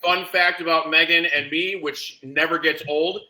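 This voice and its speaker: A man's voice: a little high, fairly even intonation, moderate pace, pushed and bright, poor audio. A man hosting an online company Q&A, introducing his team with upbeat, joking remarks over a video call. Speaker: webinar host. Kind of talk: casual online meeting.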